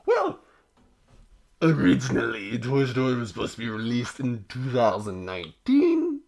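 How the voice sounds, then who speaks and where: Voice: medium pitch, huge pitch swings, moderate pace, vocal fry, a little mellow, a little hiss or hum. A podcast co-host in playful, teasing casual chat, laughing often.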